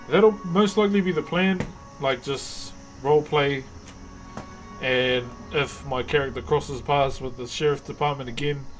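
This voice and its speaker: Laid-back New Zealand man streaming. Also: medium pitch. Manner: laid-back, calls viewers brother and bro. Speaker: live streamer and carver. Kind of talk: casual live-stream chat with viewers.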